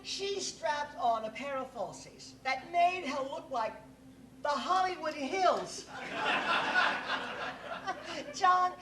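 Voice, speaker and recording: A man's voice: very high voice, expressive, extremely slow, pauses often, noisy background, exaggerated voice. A man playing an aging, acid-tongued female film star on stage, drawling and profane. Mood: scornful. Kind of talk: stage play acting. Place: theater stage. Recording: echoey live stage recording.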